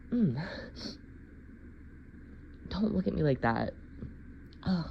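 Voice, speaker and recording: Woman with a gravelly, low, lively voice. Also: slow pace, highs cut off, slight background noise. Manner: coos to a pet, then stammers flustered denials. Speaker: solo scenario creator. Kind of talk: acted solo sneeze scenario.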